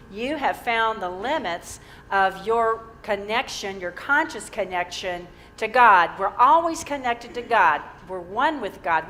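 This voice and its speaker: Woman minister, upbeat sermon storyteller, ordinary mid pitch, faint noise behind. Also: big-room sound. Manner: warm storytelling with easy humor; encouraging, uplifting. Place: church sanctuary.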